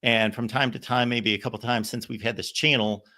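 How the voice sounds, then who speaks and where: A man's voice: medium pitch, steady tone, brisk, bright, forceful tone. A man hosting a call-in show, telling rambling, anecdotal stories full of fillers and restarts. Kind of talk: casual storytelling.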